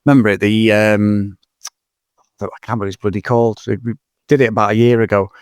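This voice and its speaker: A man's voice: lowish voice, little pitch movement, clear, resonant tone, no room sound, studio quality. A man co-hosting a film podcast, chatty and breezy as he runs through plugs and thank-yous. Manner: chatty, reads sign-off plugs briskly. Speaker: podcast co-host. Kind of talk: casual film-podcast chat.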